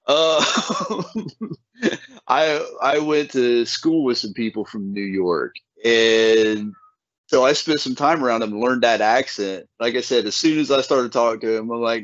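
A male host tells relaxed, homespun stories on a casual podcast, drawing his words out. His medium-pitched voice is a bit bright, and the recording is dull, dry lo-fi with no room sound.

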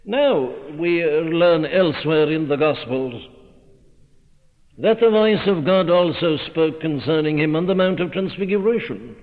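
A man preaching a sermon in a slow, measured, stately way, with sudden rises in force. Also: a little high. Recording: tinny narrow-band recording in a reverberant hall.

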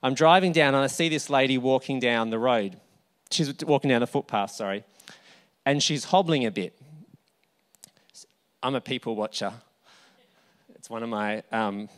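A man's voice: medium pitch, fairly bright tone, smooth. A male pastor with an Australian accent, telling a personal story in a conversational sermon with asides and self-corrections. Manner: conversational, anecdotal, with asides and restarts.

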